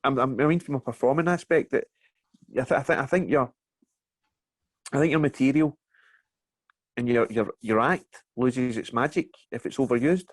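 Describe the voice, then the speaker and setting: A Scottish man with a mid-pitched voice tells stand-up stories as a podcast guest, cursing and laughing along with his own anecdotes. The sound is dry and close, with no room echo. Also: normal speed, long pauses. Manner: animated storyteller, swears and laughs through anecdotes. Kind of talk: casual podcast chat over a video call.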